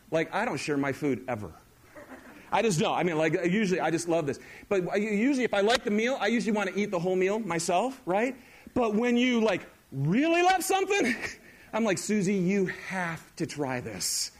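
High-voiced man preaching a lively sermon. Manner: animated, conversational preaching with audience questions. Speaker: pastor.

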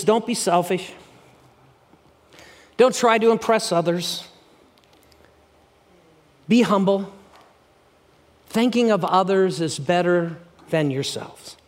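A middle-aged man preaching a sermon as pastor, energetic and animated, dropping to hushed passages at times. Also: high voice.

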